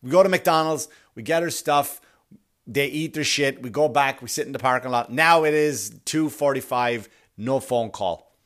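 A man's voice: mid-range voice, normal speed, fairly bright tone. A man, a father, hosting a podcast and ranting alone in a sarcastic, exasperated way, swearing constantly. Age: adult father. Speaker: podcast host. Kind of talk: profane ranting monologue.

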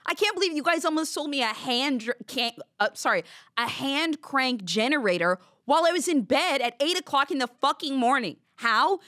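A woman's voice: high-pitched, expressive, normal speed, a bit bright, dry recording, clean studio sound. A young woman hosting a podcast, telling a story in casual chat, laughing and swearing as she goes. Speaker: podcast host.

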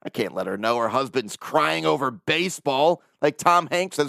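A man hosting a podcast in a casual monologue, animated and self-mocking, chuckling often. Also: fairly high pitch, measured pace, vocal fry, clear, resonant tone, no room sound, clean studio sound. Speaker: podcast host.

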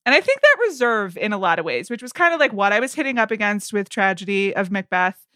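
A woman co-hosting a podcast in casual film chat, wry and teasing, jumping up into high mocking voices when she quotes people. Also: sing-song, fast talker, pushed and bright, smooth, no echo, clean studio sound. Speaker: podcast co-host.

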